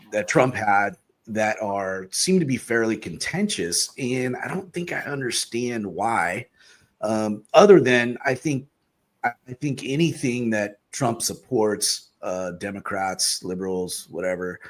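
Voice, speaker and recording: A man hosting a casual political talk, speaking haltingly with many fillers and restarts. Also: fairly low pitch, lively intonation.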